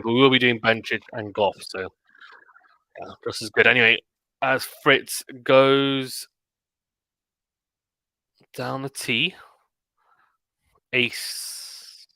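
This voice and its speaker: A man giving live play-by-play tennis commentary on a stream, calling the shots quickly and dropping into quiet chatty asides between points. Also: mid-range voice, no echo. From Britain. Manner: rapid calls of the rally mixed with quiet chatty asides.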